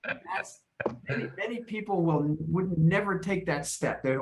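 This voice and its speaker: Over a video call, a man teaches an online English class in a slightly high voice at a moderate pace. He's encouraging, often repeating his words as he coaches his students.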